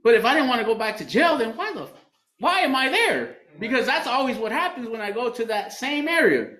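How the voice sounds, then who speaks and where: At a recovery meeting, a man in the program gives a candid share of his story, swearing and laughing as he tells it. His very high-pitched voice is sing-song, brisk, bright and forceful, recorded in an echoey meeting room with faint background noise.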